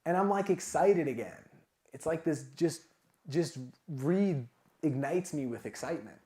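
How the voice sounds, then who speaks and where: A man giving a casual, energetic motivational talk at a sales summit, full of filler words like "like" and "man". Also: a little high, a little slow. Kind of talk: motivational talk to a live audience. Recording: echoey event room.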